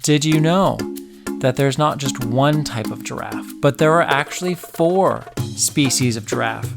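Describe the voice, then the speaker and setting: A man's voice: mid-range voice, normal speed, creaky, over music. A man hosting a children's nature and science podcast, explaining facts in a playful, jokey way and asking the listener questions. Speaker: host of a kids' science podcast. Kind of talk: educational narration for children.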